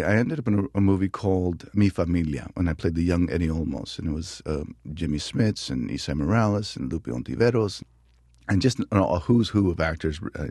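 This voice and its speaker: A middle-aged man from New Mexico, an actor guest telling animated stories in an interview. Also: sits low, slightly rough, dry recording, clean studio sound. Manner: animated storyteller, acts out voices. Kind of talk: interview conversation.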